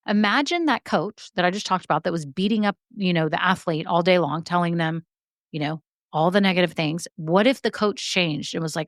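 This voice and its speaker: A woman hosting a solo business-coaching podcast, talking in an energetic, emphatic way and repeating her key points. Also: lowish voice, no room sound, clean studio sound. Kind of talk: solo motivational podcast talk.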